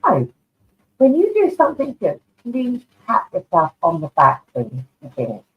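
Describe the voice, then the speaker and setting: During a live online session, a woman reads tarot cards for viewers, chatty and affectionate, calling people darling. Her medium-pitched voice swings hugely at normal speed. Over the online video stream it sounds narrow and tinny, like a phone line.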